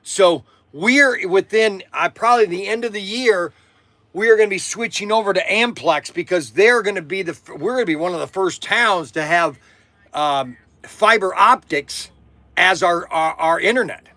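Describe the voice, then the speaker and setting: A middle-aged man who runs a toy shop, hosting a casual live stream in a loud, rambling, chatty way. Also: high voice, normal speed, no room sound. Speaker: toy shop owner and vlog host.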